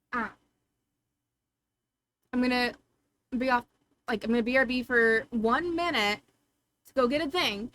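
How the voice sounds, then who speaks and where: A woman hosts a casual home livestream, talking to her viewers in a bubbly, affectionate way. Her voice sits a little high. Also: measured pace, pauses often, bright, forceful tone, slight background noise, low-quality recording. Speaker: livestream host. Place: home streaming room.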